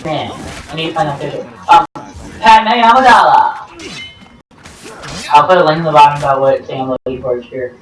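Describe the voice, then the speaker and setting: Rambling, excitable woman, distant roomy mic. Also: low-pitched, moderate pace, pauses often, soft background music. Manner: excitable, jokey, rambling with self-corrections. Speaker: gameplay commentator. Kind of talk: rambling game commentary.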